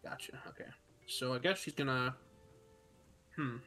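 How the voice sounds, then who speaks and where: Young guy playing a tabletop game, mid pitch, keeps asking rules, swears a lot, faint music. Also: unhurried, sharp tone. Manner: hesitant, self-deprecating, swears casually. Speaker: player.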